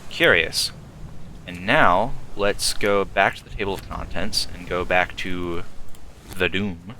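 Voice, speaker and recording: A man's voice: low voice, takes it slowly, pushed and bright, slight background noise. A man playing a game and thinking aloud in casual commentary, working through clues step by step. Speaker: let's play host. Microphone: desktop streaming mic with filters.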